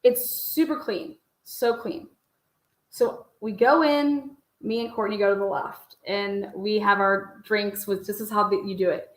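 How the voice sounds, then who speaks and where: A woman telling a story casually in an interview, blunt and animated, swearing freely. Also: mid-range voice, a little slow, roomy sound.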